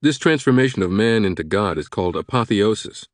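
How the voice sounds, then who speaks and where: A man's voice: lowish voice, expressive, a little fast, dry recording, clean studio sound, close to an everyday voice. A man voicing a learned male professor who explains history patiently. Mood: explaining.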